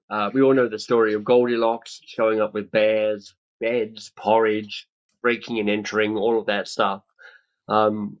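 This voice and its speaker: A fairly low-pitched male voice comes through a rough webcam recording on a video call. The speaker, an author in his fifties running a coaching webinar, is enthusiastic and acts out the reactions of others.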